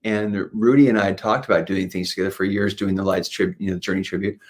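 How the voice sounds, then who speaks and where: A man's voice: low voice, fast. A man, a guest musician, telling stories in a casual interview, rambling with frequent restarts and fillers. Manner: lively when retelling anecdotes. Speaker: guest musician, singer and guitarist.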